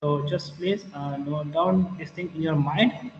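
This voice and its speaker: A man giving a classroom lecture, explaining slowly with repetitions and fillers. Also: fairly high pitch, steady tone, slight background noise. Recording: echoey room, distant mic, muffled.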